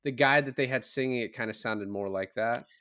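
This is a man chatting on a film podcast, recapping scenes in a loose, rambling way. He quotes the characters as he goes, fills the gaps with "like" and "um", and swears without a second thought. His voice sits at an ordinary middle pitch. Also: fairly quick, a bit bright, clear, resonant tone. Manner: retells scenes with quoted lines, lots of "like" and "um"; swears casually. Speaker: podcast co-host. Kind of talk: casual chat.

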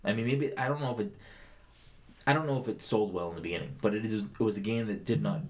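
Deep-voiced man chatting about games. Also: quick pace. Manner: joking, swears freely, rambling. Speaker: podcast co-host. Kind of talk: casual gaming podcast chat.

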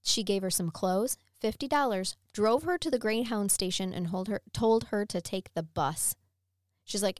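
A woman's voice: medium pitch, normal speed, a little mellow, no room sound, studio quality. A woman hosting a podcast, telling a true crime story in a blunt, chatty way and swearing freely. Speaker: podcast host.

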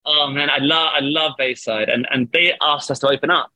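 Bright rambling man on a call. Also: fairly high pitch, steady tone, brisk, dry recording. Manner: rambling storyteller, laughs often, swears. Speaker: band vocalist, guest. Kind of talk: casual interview over video call. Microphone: video call.

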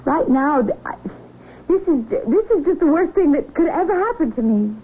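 Brief: a lively young fiancée, high voice, tinny hissy radio sound. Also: female voice, moderate pace. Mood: angry. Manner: chatty and bright, turning hurt and sharp. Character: young woman engaged to the doctor, spirited. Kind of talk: 1970s radio drama acting. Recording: tinny narrow broadcast with faint hiss.

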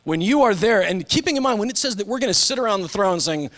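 Casting: male pastor, forties, lively sermon delivery with big swings from hushed to loud high voices. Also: fast talker. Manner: animated, swings from soft and low to loud high-pitched impressions. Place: church.

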